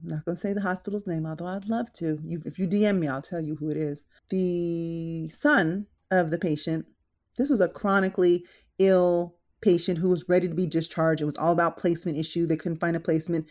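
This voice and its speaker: A woman nurse hosting a podcast, talking casually and animatedly as she tells stories from her shifts. Her voice sits on the low side, and she often slips into acted-out quotes mid-story. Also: steady tone, brisk, darkish tone. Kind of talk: casual advice talk with stories.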